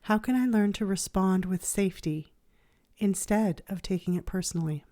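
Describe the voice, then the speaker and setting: A woman therapist hosting a podcast, reading her reflective script in a gentle, measured, soothing way. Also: medium pitch. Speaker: child therapist and podcast host.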